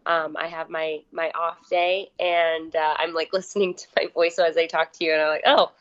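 A young woman guest in her twenties, a little hoarse, chatting casually with lots of "like" fillers. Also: low voice, flat delivery, normal speed, dull audio. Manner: chatty, filler-heavy, uses "like" a lot. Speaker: guest athlete. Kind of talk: casual interview chat.

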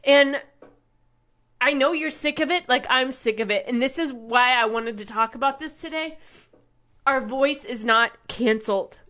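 A woman's voice: high voice, unhurried, bright, forceful tone. A woman delivering an impassioned, rambling monologue as a show host, indignant and profane, often restarting her sentences.

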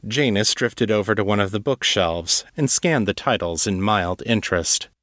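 A man narrating a fantasy story, his voice sitting on the low side. He keeps a measured, even delivery, and the recording is dry and close, with no room sound. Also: no room sound. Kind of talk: audiobook reading.

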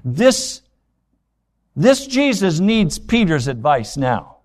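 A man's voice: a little high, very animated, slow. A man preaching a sermon as a pastor, retelling scripture scenes and acting out the dialogue, then pressing the congregation with pointed rhetorical questions.

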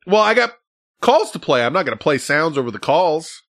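Lively, bright-voiced man hosting a podcast. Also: fairly high pitch, fairly quick, dry recording, studio quality. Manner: laughing, rambling, swears freely. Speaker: podcast host. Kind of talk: casual chat.

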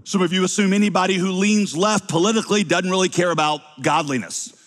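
A man's voice: high-pitched, quick pace, fairly bright tone, in a large hall. A middle-aged male pastor with a slight Southern accent, preaching a sermon with wry, teasing asides to the congregation.

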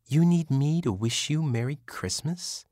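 A man's voice: on the high side, expressive, measured pace, dry recording, studio quality, pitched above the performer's own voice. A man voicing a weary older mother in an audiobook, blunt and nagging with her grown son. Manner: sharp-tongued, nagging.

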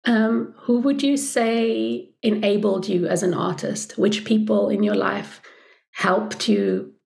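A woman interviewing an artist in a relaxed way, encouraging him and hesitating with fillers as she frames her questions. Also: mid-range voice, slow, creaky. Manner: encouraging, with frequent affirming murmurs and hesitant fillers. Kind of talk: casual interview conversation.

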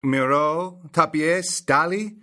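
A man's voice: fairly high pitch, slow, sharp tone. An actor with an American accent playing a rumpled, arrogant assistant professor in his thirties, eager, self-assured and a little wry in a staged play reading.

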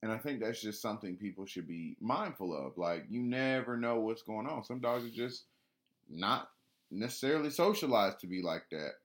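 A man's voice: lowish voice, lively intonation, moderate pace. A man talking casually about training his dog, rambling with frequent restarts and fillers. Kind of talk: casual spoken monologue.

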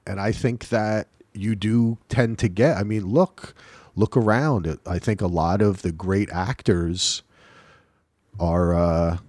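A man's voice: on the low side, steady tone, takes it slowly, a little mellow, no echo, clean studio sound. An American man co-hosting a podcast, chatting casually in a rambling way, with lots of fillers and restarts. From United States. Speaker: podcast co-host. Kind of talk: casual chat.

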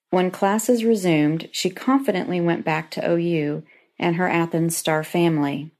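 A woman's voice: on the low side, a little mellow. A middle-aged woman reading a personal story aloud in an earnest, heartfelt way, as a lodge member.

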